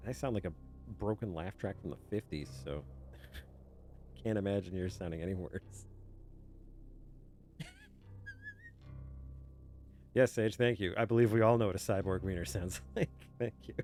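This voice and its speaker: A man's voice: deep voice, measured pace, long pauses, darkish tone. A young man streaming a game and chatting casually with his viewers, laughing often and slipping into silly asides. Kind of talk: casual chat with chat while gaming. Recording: faint game music behind. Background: game music.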